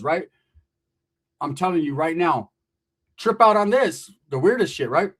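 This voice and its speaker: Animated, swearing male storyteller. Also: fairly high pitch, moderate pace, pauses often, slightly rough. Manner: profane, animated, lots of acted quotes. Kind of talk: casual comedic storytelling.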